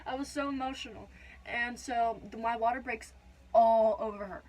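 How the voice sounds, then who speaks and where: A woman's voice: fairly high pitch, steady tone, moderate pace, a little mellow, rough recording. Chatty young woman vlogger. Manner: chatty, talks to viewers directly, fills with "da da da". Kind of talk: casual storytime.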